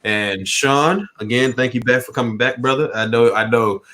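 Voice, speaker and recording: A man's voice: mid-range voice, moderate pace, pushed and bright. A man hosting an online tech debate stream, casual and laid-back, laughing often as he wraps up. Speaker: host and promoter of online tech debate show. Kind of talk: casual livestream chat. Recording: faint background noise with clicks.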